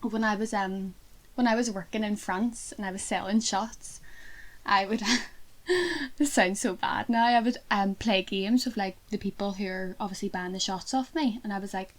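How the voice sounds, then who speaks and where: A young Northern Irish woman in her twenties, chatting as a podcast co-host. Her voice sits at an ordinary middle pitch, and she rambles through stories with plenty of fillers and asides. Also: moderate pace. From Northern Ireland. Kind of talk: casual chat.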